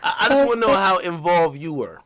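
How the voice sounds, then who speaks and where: Man, stream host, bright voice, lively pitch, slangy, swears, casual chat. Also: moderate pace. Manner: animated, slangy, swears freely. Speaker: livestream host. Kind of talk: casual livestream interview.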